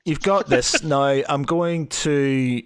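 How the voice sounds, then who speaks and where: A man serving as dungeon master for a tabletop game, talking in a loose, rambling way full of ums and chuckles. His voice sits at an ordinary middle pitch and sounds close and dry, with no room around it. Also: slow pace, smooth, dry recording. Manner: rambling, hesitant, laughs often, acts out quoted voices. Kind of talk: running a tabletop game, casual chat.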